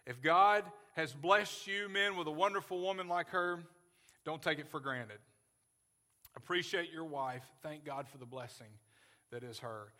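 A man's voice: on the high side, measured pace, sharp tone. A man in his forties preaching a sermon as pastor, earnest and folksy, joking with his congregation. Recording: long hall reverb.

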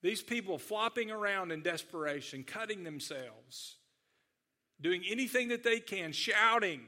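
A man's voice: high-pitched, lively intonation, a little slow, pushed and bright. A man preaching a sermon, teaching conversationally with frequent restarts. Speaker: pastor.

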